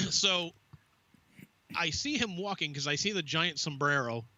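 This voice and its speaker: A man's voice: on the high side, lively intonation, unhurried, pushed and bright. A man co-hosting a casual podcast, telling a long anecdote full of swearing and quoted asides. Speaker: podcast co-host.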